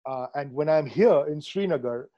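A man's voice: fairly high pitch, moderate pace, dark tone, highs cut off. A man hosting a conversational interview over a video call, thoughtful and hesitant, with many fillers and restarts. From India. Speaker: podcast host. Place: Srinagar.

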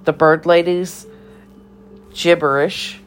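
A woman narrating a children's novel in a measured, even storytelling voice. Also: fairly low pitch, a little hiss or hum. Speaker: audiobook narrator.

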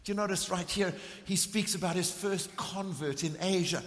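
A middle-aged man preaches with fervent conviction, his voice sitting fairly high for a man. He swings between ringing emphasis and hushed, intense moments. The sound carries a long reverb from a large church hall. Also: fairly even intonation, moderate pace. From South Africa. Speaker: visiting preacher. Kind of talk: sermon with storytelling.

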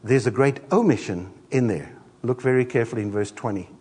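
Husky-voiced pastor preaching in a reverberant hall. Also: male voice, medium pitch, fairly quick. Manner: animated storyteller, acts out voices. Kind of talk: sermon.

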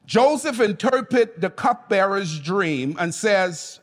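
A man's voice: high voice, big pitch swings, slow, pauses often, long reverb tail. A man preaching a sermon as pastor, speaking emphatically and calling on the congregation to respond. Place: church.

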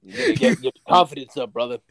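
A man putting on the voice of a hyped old-school male wrestler giving a loud pep talk and calling people brother. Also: fairly high pitch, wildly swooping pitch, fast, full character voice. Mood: pumped.

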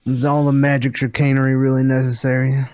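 A man's voice: mid-range voice, monotone, brisk, a little mellow. A young man playing a tabletop game, talking in character in a reasonable, mildly complaining way. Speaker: player.

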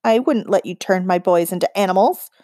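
A woman's voice: medium pitch, brisk, mellow, dry recording, studio quality, lightly acted. A woman voicing a determined human mother in an audiobook, speaking firmly and bluntly. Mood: defiant. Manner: firm, blunt. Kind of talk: audiobook character reading.

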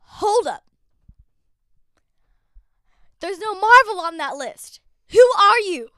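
A woman's voice: very high-pitched, sing-song, measured pace, a bit bright, no room sound. A woman playing at a mock news interview, teasing and mock-indignant.

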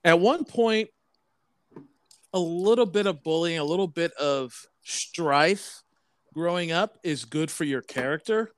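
Halting, fairly high-voiced man chatting on a podcast. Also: no echo. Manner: halting, repeats words and restarts often. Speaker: podcast co-host. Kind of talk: casual podcast chat.

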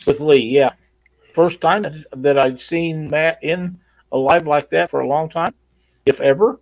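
A man chats casually on a live stream, his voice a touch high and gravelly. The sound is dry and close. He speaks in a folksy way, reading viewers' comments aloud. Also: steady tone, measured pace, no room sound, rough recording. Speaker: co-host of a live stream giveaway.

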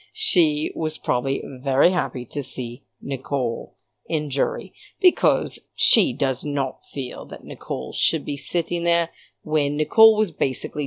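A middle-aged woman giving a rambling, blunt, opinionated recap of a reality show, full of fillers. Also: no room sound. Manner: rambling, blunt, many fillers, big pitch swings. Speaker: reality TV commentator.

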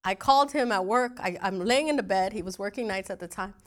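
A middle-aged woman pastor preaching a sermon, telling stories in a lively way and acting out dialogue. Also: medium pitch, brisk. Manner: animated storytelling with laughs and acted-out dialogue.

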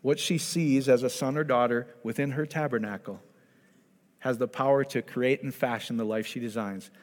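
A male pastor giving a conversational sermon, lively and animated, who keeps checking in with his congregation. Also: mid-range voice, normal speed, big-room sound.

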